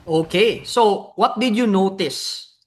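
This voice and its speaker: A woman with a Filipino accent teaching sales tonality as a coach, switching into Tagalog and acting out example lines. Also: slow pace. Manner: switches to Tagalog mid-sentence, acts out sample lines with swings in pitch. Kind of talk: coaching lesson.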